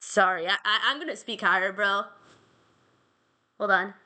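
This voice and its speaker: A woman's voice: medium pitch, normal speed, sharp tone. A woman telling an old myth in a casual, rambling way, full of slang and restarts. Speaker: podcast host.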